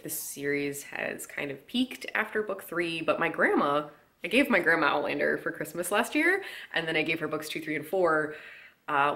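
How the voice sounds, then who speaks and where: Excitable young woman chatting about books. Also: deep voice. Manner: excitable, rambling with fillers and laughs. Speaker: book vlogger. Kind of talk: casual vlog chat. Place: indoors at home by a bookshelf.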